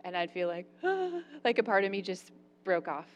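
Woman in her own voice, telling an audience a candid personal story, warm-up fillers and self-mockery. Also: on the low side, brisk, clean tone, lo-fi sound. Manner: candid, self-deprecating, lots of "um" and "like". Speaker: storyteller speaking to a live audience.

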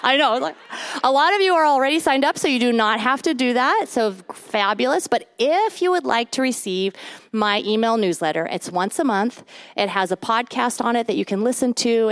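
Lady speaker chatting to a room of moms, bit high voice, lots of okays and likes. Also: a little fast. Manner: chatty and animated, many asides like "okay" and "like". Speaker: author and guest speaker. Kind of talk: live talk to a moms' group. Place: event before a live audience.

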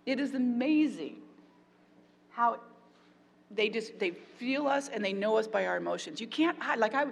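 A woman leading a parenting workshop for an audience, talking in a warm, encouraging way with playful asides. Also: on the high side, lively intonation, moderate pace, gravelly. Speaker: parenting class teacher. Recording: echoey hall, faint ambient noise.

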